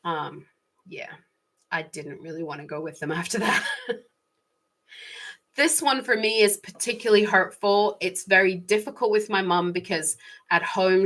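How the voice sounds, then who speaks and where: A woman's voice: fairly low pitch, a bit bright. A woman talking through personal stories in a casual, reflective monologue, chatty and laughing lightly now and then. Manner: chatty, frequent small laughs, shifting pace. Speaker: vlogger.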